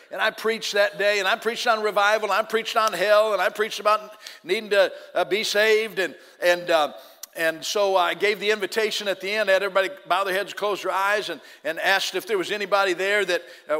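A man preaching in a church, his bright, ringing voice trailing off into a long hall reverb. He swings from loud exhortation down to a hushed storytelling tone. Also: fairly high pitch. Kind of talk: sermon.

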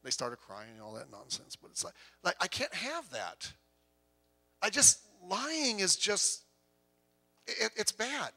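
A man's voice: sits high, sing-song, slow pace, pushed and bright. A middle-aged man preaching a sermon as a pastor, telling stories conversationally and acting out the dialogue in them.

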